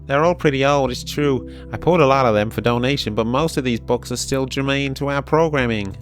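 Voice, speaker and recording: A man voicing a brisk, bossy woman librarian in an exaggerated, sing-song put-on accent. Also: mid-range voice, soft background music, pitched above the performer's own voice, close to an everyday voice. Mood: chirpy, brisk.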